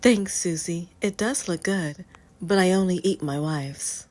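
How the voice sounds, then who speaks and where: A woman's voice: lowish voice, unhurried, a little mellow, natural voice. A woman voicing a polite married man who declines in a rhyming storybook. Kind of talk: storybook reading.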